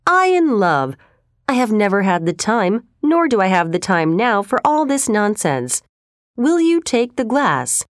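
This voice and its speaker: A woman reading the part of a dry, sharp-voiced male shopkeeper who is impatient and mercenary. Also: medium pitch, sing-song, unhurried, no room sound. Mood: curt. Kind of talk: storybook reading.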